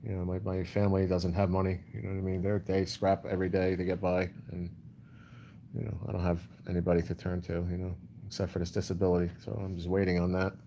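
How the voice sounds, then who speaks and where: Deep monotone guy rambling on a livestream, reading chat, says you know a lot, faint hum behind. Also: quick pace. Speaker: livestream host.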